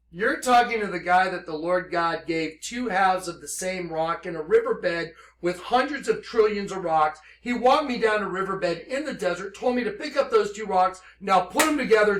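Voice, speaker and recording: A man acting as a self-styled minister, giving an impassioned religious monologue that swings between hushed tones and shouting. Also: high-pitched, echoey room.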